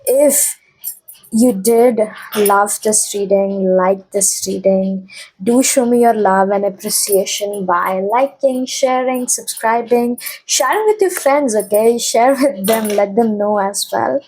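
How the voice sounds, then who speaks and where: A woman's voice: mid-range voice, slow pace, a little mellow, slightly rough, low-quality recording. A young woman giving a casual tarot reading, chatty and often checking in with her viewers. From India. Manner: chatty, keeps checking in with "okay?". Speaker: tarot reader.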